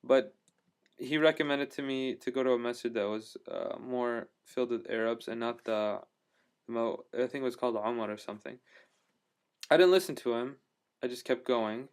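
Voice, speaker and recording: A man's voice: mid-range voice, moderate pace, smooth. A man telling a travel story in a casual video diary, rambling with lots of fillers and restarts, enthusiastic about what he saw. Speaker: travel vlogger.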